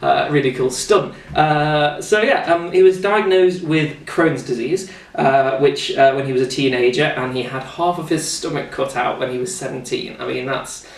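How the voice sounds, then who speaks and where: A man's voice: mid-range voice, normal speed, creaky, distant mic. An English man hosting a casual talk show, chatty and rambling with lots of fillers, a little out of breath. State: slightly out of breath. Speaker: host. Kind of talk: casual chat and card trick demo. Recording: roomy echo, off-mic, faint noise.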